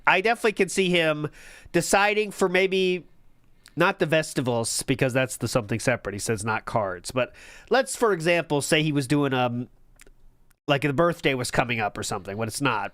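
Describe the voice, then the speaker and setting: Sarcastic male streamer, lively pitch. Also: moderate pace, no echo, studio quality. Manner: sarcastic, deadpan asides, laughs often. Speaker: streamer reacting to clips. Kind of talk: casual sarcastic commentary.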